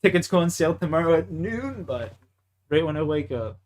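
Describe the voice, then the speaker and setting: A man's voice: on the high side, animated, brisk. Young man, Canadian accent, casual chat, slangy, swears a lot, easygoing. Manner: laid-back, profane, slangy.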